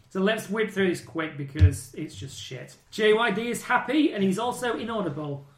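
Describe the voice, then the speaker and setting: A man's voice: high voice, lively intonation, normal speed. Sarcastic man in an echoey room. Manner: dry, sarcastic, laughing often. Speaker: podcast co-host. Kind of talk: casual recap chat.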